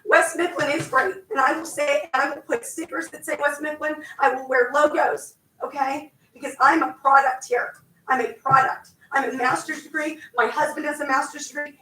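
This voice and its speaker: Passionate high-voiced woman in an echoey room. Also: pushed and bright, recorded from a distance. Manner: passionate, insistent, repeats herself. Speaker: art teacher speaking at public comment. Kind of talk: public comment at a meeting. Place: school board meeting room.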